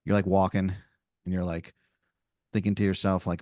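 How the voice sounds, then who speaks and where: A man's voice: deep voice, little pitch movement, normal speed, pauses often, darkish tone, dry recording, studio quality. A man hosting a podcast, improvising a comedic scenario in a rambling style full of "like" and "you know.".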